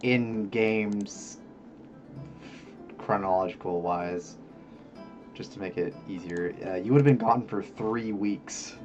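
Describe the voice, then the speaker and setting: A man's voice: fairly low pitch, slow, pauses often, darkish tone, muffled recording, faint music behind. A man narrating as game master, loose and hesitant, full of filler words.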